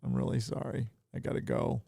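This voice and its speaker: A man's voice: mid-range voice, expressive, brisk, gravelly, dark tone, no echo, clean studio sound. A middle-aged man from California hosting a live stream, rambling and swearing casually while holding his mic. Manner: loose, rambling and profane, with frequent filler. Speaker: live stream host reading super chats. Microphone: handheld mic.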